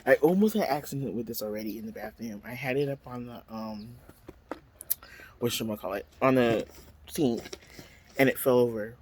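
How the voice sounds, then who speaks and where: A man at home talking to his viewers in a chatty storytime manner, tossing in dramatic exclamations and plenty of fillers. His pitch sits in an ordinary middle range. A faint background hiss runs under the recording. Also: normal speed, pauses often, darkish tone. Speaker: vlogger. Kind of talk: casual storytime and product unboxing.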